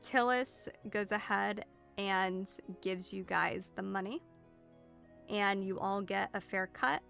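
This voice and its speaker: A woman runs a tabletop game as dungeon master and narrates in a loose, chatty way. Her voice is bright with a gravelly fry, and soft music plays faintly underneath. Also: medium pitch, slow. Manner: casual, lively narration with many fillers.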